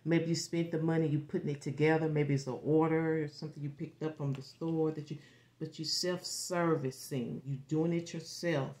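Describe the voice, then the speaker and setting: A woman with a fairly low voice reads tarot cards for her viewers in a loose, rambling way. She swears freely and slips into whispers as she senses the reading, then picks back up. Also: normal speed. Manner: rambling, animated, swears freely, acts out quoted reactions. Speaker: tarot reader. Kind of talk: casual tarot forecast.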